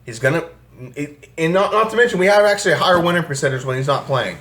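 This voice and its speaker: A man's voice: on the high side, lively intonation, quick pace, a bit bright. A young man hosting a fan channel, ranting angrily and with a lot of swearing about his football team from a room at home. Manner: angry, profane, exasperated ranting. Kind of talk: ranting sports commentary vlog. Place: home room with air conditioner.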